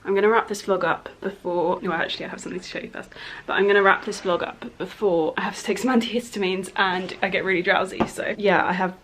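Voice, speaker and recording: A young woman chatting casually in a home vlog, bubbly and often dropping into a soft half-whisper. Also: mid-range voice, fairly even intonation, fast, few pauses, soft background music. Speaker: vlogger.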